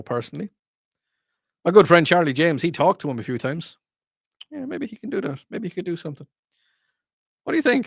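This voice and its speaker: The talk show host here is an Irish man whose slightly high voice carries some vocal fry, recorded with no room sound. He meanders and jokes his way through a relaxed monologue at the studio mic.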